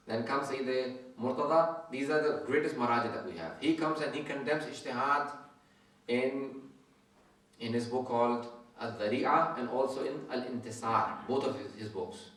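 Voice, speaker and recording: A man's voice: mid-range voice, a bit bright. A man giving a religious lecture to an audience, explaining step by step and often checking whether listeners follow. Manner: says he usually speaks very fast. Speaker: Islamic scholar giving a lecture. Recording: echoey hall, mic far off.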